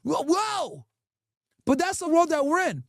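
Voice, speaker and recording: A man's voice: very high-pitched, big pitch swings, measured pace, a little hiss or hum. A man streaming to his chat, ranting emphatically and mockingly with lots of rhetorical questions. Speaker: streamer and podcast host. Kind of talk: ranting commentary to a live chat.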